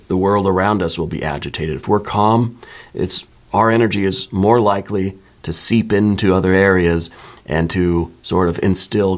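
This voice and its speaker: A man giving a soft-spoken tarot reading, musing in a relaxed way and often checking in with the listener. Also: low-pitched. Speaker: tarot reader.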